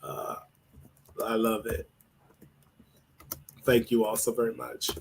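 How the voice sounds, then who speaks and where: A man's voice: monotone, creaky, a little hiss or hum. A man hosting a livestream, emotional after crying, repeating his thanks to viewers over and over. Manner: jumps to high drawn-out greetings when welcoming viewers. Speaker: livestream host. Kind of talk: emotional live stream chat with viewers.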